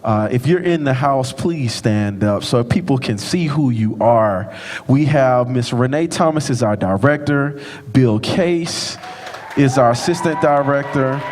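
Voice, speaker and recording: A man's voice: mid-range voice, slight background noise. A man who directs a choir, thanking people from the stage in an informal, direct way. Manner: warm, informal, addresses audience directly. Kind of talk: concert thank-you speech. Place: large concert hall with audience. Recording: long hall reverb, audience sounds.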